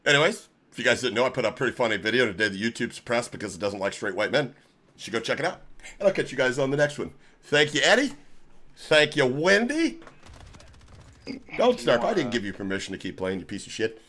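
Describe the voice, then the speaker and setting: A man's voice: medium pitch, very animated, fast, sharp tone. A man hosting a live stream, talking in a sarcastic, mock-polite and profane way. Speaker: streamer host. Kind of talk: casual live-stream rant.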